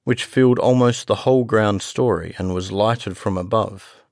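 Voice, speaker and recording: A man reading a classic gothic story aloud as a narrator, in a slow, measured storytelling manner. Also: on the low side, gravelly, darkish tone, dry recording, clean studio sound. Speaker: audiobook narrator. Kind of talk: scripted narration.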